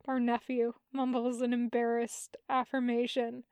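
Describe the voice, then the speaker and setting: Slow, high-voiced woman reading fan fiction. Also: fairly even intonation, no room sound. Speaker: podfic reader. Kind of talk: audiobook narration of fan fiction.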